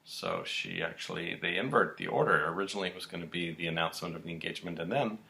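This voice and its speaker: A low, gravelly man's voice with a bright edge, recapping soap-opera episodes casually. He tells it with lots of pitch movement and acts out the quotes. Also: fast talker. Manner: animated storytelling, acting out quotes. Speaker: podcast co-host.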